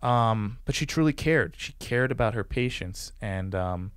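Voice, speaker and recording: Speaking a little slowly, a forty-something man on a podcast recounts rambling personal stories, heavy with "like" and acted-out quotes, in a casual interview. His fairly low voice is smooth and animated, recorded at studio quality without room sound.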